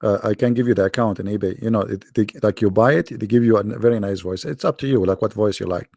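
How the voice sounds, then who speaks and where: Tired, hoarse male stream host, gravelly and taunting, dry close mic. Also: fairly low pitch, fast talker, a little mellow, no echo. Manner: sarcastic, taunting. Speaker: host of a live debate stream. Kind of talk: casual mocking live-stream talk. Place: quiet room at home.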